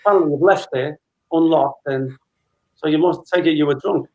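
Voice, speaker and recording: A man's voice: fairly high pitch, fairly quick, mellow, dull audio. A man in his fifties, a guest telling a long casual anecdote and acting out dialogue as he goes. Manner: chatty storyteller, re-enacting dialogue with laughs.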